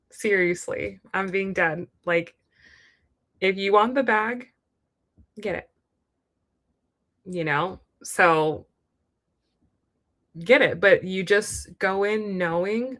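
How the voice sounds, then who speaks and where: A woman's voice: on the low side, steady tone, a little slow, pauses often, fairly bright tone. Chatty, frank woman reading tarot. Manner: chatty, frank, acts out quoted voices. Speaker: tarot reader. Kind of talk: live-stream tarot reading.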